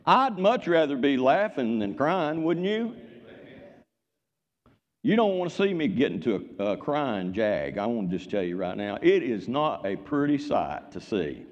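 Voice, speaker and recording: A man's voice: medium pitch, very animated, unhurried. An older man preaching a sermon in a church, folksy and joking, calling out for amens from the congregation. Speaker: pastor. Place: church sanctuary. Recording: muffled church recording with long reverb.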